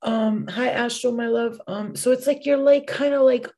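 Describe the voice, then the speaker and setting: A young woman doing a casual tarot reading, excitable and swearing freely, with bursts of exclamations. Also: on the high side, normal speed. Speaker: tarot reader.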